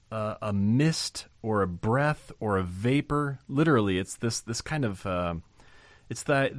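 This informal Bible lesson comes from a male teacher of medium pitch who muses aloud, stumbles through fillers and restarts, and lifts his voice for emphasis at key moments. No room sound is present.

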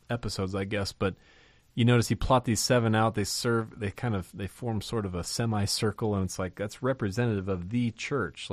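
A man's voice: lowish voice, dry recording. A man hosting a Bible study podcast, explaining in a conversational teaching style and asking and answering his own questions. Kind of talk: casual teaching talk.

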